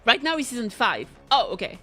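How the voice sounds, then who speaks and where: A fairly high-pitched woman streams a game, her voice swinging widely as she chats. She is excitable and rambling, swears freely and reads the game's lines aloud. Faint game music plays behind her. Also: fairly quick. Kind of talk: casual gameplay chat.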